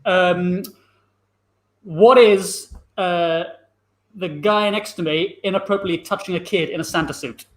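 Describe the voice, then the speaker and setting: Bloke doing improv, high voice, sweary and exasperated. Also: male voice, a little slow. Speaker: improv performer. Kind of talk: improvised comedy over video call.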